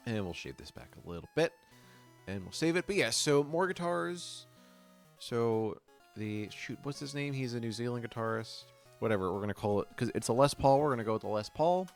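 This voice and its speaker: A man's voice: medium pitch, animated, fairly quick. A man streaming while he makes music, chatting casually and thinking aloud, with a slight lisp from a sore tongue. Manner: rambling, thinks aloud, trails off mid-sentence. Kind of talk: casual live-stream chat.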